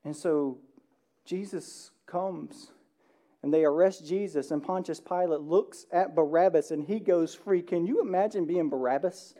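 A man pastor preaching a sermon, animated, swinging between loud emphasis and hushed passages, often asking the room "right?". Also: on the high side, a little slow. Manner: conversational, asks the room "right?".

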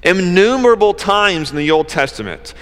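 A man's voice: high-pitched, lively intonation, moderate pace, fairly bright tone. A man preaching a sermon in an earnest, conversational way, with casual asides. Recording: long hall reverb.

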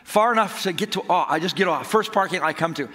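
A man preaching a sermon, telling a family story in an animated way before turning to scripture. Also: high-pitched, quick pace. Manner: animated storytelling, acts out his own shouts. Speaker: pastor. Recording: long hall reverb.

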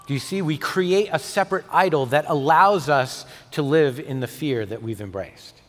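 A man's voice: a little high, moderate pace. Man preaching in a reverberant church. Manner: dynamic preaching, rising to emphatic peaks and dropping to soft, intimate tones. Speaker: pastor. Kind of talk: sermon. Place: church sanctuary. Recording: long hall reverb.

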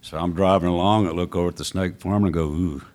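A man's voice: low voice, steady tone, very fast, a little mellow, smooth. An older man from Oklahoma with a drawl, talking casually as a musician guest, rambling and self-deprecating with frequent chuckles. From Oklahoma, USA. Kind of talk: casual interview chat.

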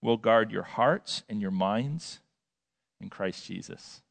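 A male pastor preaching a sermon, emphatic, swinging between loud and quiet and repeating words for effect. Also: fairly low pitch, slow pace, gravelly. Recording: long hall reverb.

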